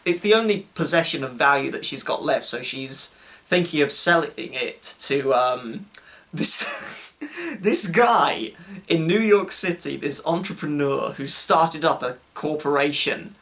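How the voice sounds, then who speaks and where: A man's voice: fairly high pitch, animated, measured pace, fairly bright tone. A man co-hosting a casual chat, talking loosely, laughing often, swearing and mimicking characters. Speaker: co-host.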